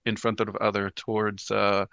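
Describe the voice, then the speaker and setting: A man's voice: fairly low pitch, monotone, normal speed, vocal fry, a bit bright, clean tone, no room sound, dull audio. A man playing a tabletop horror game, hesitantly describing his character's actions with many fillers. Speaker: player.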